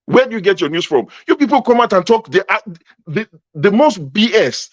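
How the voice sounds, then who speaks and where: A man's voice: sits high, sing-song, moderate pace, no room sound, highs cut off. Combative Nigerian man in heated debate. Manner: combative, mocking, repeats words when cutting in. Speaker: panel debater. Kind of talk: heated political argument.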